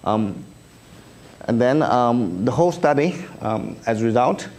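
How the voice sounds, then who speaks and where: A man with a Chinese accent, whose first language is Chinese, giving a conference talk with slides in a halting way, full of ums and uhs and light self-deprecating humor. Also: medium pitch, lively intonation, darkish tone. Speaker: speaker at an engineering research review. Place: conference room.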